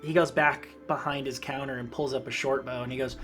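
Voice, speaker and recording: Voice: medium pitch, fairly even intonation, a little fast, fairly bright tone, soft background music. A game master narrating a tabletop game casually, with many fillers.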